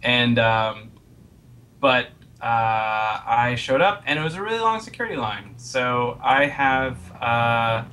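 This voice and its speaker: A man's voice: medium pitch, lively intonation, slow, bright, forceful tone. A man, a comics artist, chatting casually as an interview guest, telling a story with many fillers and chuckles.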